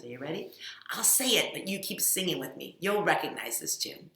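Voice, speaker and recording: A woman leads a children's Sunday school lesson, gently coaxing young listeners with frequent questions. Her voice is bright and clear, and it rings in an echoey room. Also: lowish voice, lively intonation, fairly quick.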